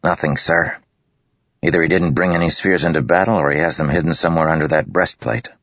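A man doing a sly, hurried spearman. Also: a bass voice, fairly even intonation, fairly bright tone, no echo, highs cut off, full character voice. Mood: offhand.

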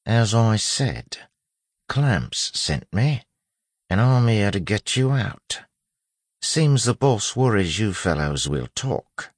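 A man voicing a sly male lawman posing as a thug, speaking low and soft with a quiet threat. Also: very animated, slow pace, no echo, heavily acted. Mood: soothing.

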